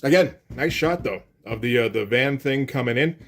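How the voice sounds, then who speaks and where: A man's voice: medium pitch, lively intonation, moderate pace, a bit bright. Wry, rambling man reviewing comics. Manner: wry, rambling, offhand asides. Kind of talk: casual commentary.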